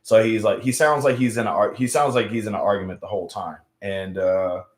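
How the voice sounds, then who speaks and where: A man's voice: fairly low pitch, fairly even intonation, fairly quick, roomy sound. A young man hosting a casual live stream from home, rambling with many restarts and fillers while feeling unwell. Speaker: livestream host.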